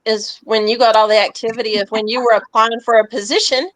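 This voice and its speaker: Woman, paranormal investigator, casual chat, short remarks, higher voice, dry sound. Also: fairly even intonation, fast talker, fairly bright tone, no room sound, rough recording. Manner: short interjections, storytelling.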